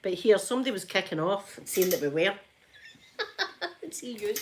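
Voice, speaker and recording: A woman's voice: on the high side, expressive, normal speed, a bit bright, a little hiss or hum. A Scottish woman chatting casually to her viewers at home, talking freely and laughing often. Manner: chatty, laughs often, addresses chat by name. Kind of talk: casual live-stream chat while ironing.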